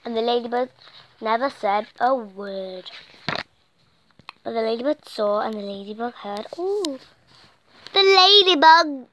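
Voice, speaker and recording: Woman, fairly high voice, reading a picture book aloud, animated, dips into whispers, slight background noise. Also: measured pace, pauses often, rough recording. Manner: animated, slips into soft whispers and tripping restarts. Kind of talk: reading a children's story aloud, partly whispered.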